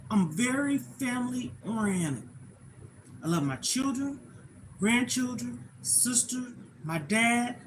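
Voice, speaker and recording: A woman's voice: fairly high pitch, lively intonation, slow pace, slight background noise, rough recording. A middle-aged woman hosting a personal livestream, talking in an emotional, repetitive, plainspoken rant. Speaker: livestream host.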